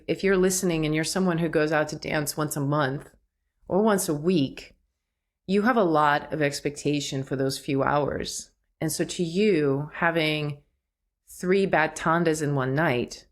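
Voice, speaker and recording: Low-voiced woman musing on her podcast. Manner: thoughtful, laughs at herself, acts out quotes. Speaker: podcast host. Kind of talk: reflective solo podcast talk.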